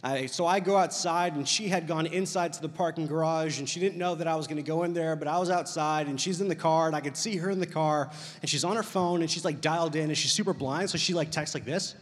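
High-voiced man preaching in a hall. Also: fast talker. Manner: animated storyteller, heavy use of "like". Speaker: pastor. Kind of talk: casual conversational sermon. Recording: long hall reverb.

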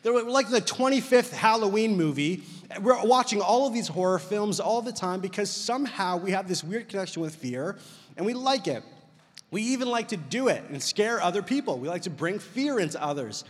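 High-voiced man preaching in a hall. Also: normal speed, slightly rough. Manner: animated storyteller, heavy use of "like". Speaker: pastor. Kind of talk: casual conversational sermon. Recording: long hall reverb.

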